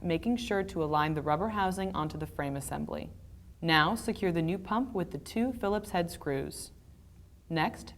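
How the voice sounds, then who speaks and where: A woman reading a scripted voice-over that gives measured, step-by-step repair instructions. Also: fairly low pitch. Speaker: narrator of a repair video.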